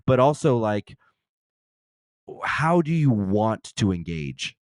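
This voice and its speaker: A man's voice: lowish voice, sing-song, slow, dry recording, studio quality. A man in his thirties, a podcast co-host, talking reflectively in casual chat, searching for words. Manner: reflective, searching, full of "like" and trailing questions.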